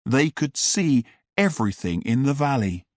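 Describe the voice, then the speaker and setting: A man narrating a simple audiobook for English learners in a clear, deliberate and expressive way. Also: mid-range voice, no room sound.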